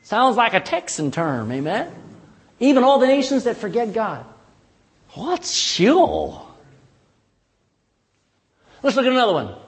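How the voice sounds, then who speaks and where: A man preaching a sermon in a folksy, animated way, often asking the congregation "amen?". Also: very high voice, a little slow, pauses often, in a large hall. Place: church.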